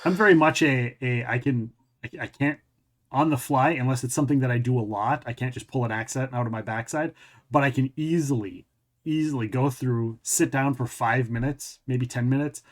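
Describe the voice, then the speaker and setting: A man's voice: mid-range voice, normal speed. A man hosting a podcast, chatting casually and often restarting his sentences as he thinks aloud. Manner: rambling, self-correcting talk. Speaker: podcast host.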